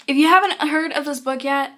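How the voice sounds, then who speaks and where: A woman's voice: high voice, brisk, sharp tone. A teenage girl with a bubbly, sarcastic, chatty manner, reviewing books in a casual vlog. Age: teens. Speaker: video blogger.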